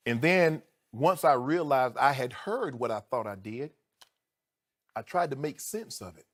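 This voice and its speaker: With lively intonation, a middle-aged man commenting on sports for TV argues with heat and indignation. He moves from low, deliberate talk to raising his voice and firing off rhetorical questions.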